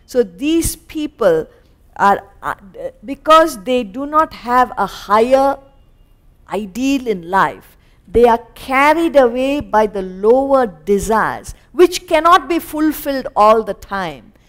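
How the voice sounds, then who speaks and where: High-voiced Indian woman lecturing on scripture. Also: slow. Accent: Indian English. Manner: animated, acts out little scenes in quoted voices. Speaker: spiritual teacher. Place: lecture hall.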